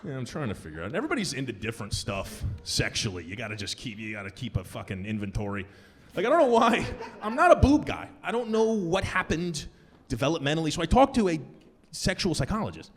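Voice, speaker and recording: A young man performing a stand-up comedy set, animated, jumping into high-pitched punchlines. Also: quick pace. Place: comedy club stage. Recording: live club with long reverb.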